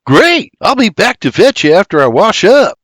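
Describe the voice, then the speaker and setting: A man's voice: sits high, sing-song, moderate pace, a bit bright, no room sound, studio quality, voice pushed up, full character voice. A man doing a cheerful young farmhand. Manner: cheerful, charming. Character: friendly, charming young colonial farmhand.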